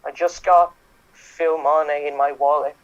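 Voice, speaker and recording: A man's voice: fairly high pitch, little pitch movement, measured pace, close to an everyday voice. Man playing a shifty street hustler. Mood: defensive. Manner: defensive, offhand. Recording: muffled lo-fi sound.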